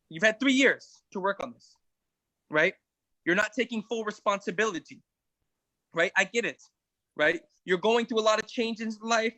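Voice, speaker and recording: A man's voice: high voice, sharp tone, no room sound, rough recording. A man coaching a weight-loss group, talking emphatically and often checking in with "right?". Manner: emphatic, keeps asking "right?". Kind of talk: motivational group talk.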